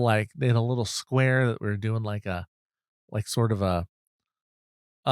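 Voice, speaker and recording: A middle-aged man on a podcast tells a rambling, self-deprecating story, stumbling and restarting as he goes. His voice sits at an ordinary middle pitch. The recording is dry and close, with no room sound. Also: clear, resonant tone, no echo. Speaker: podcast host. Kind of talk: casual anecdote.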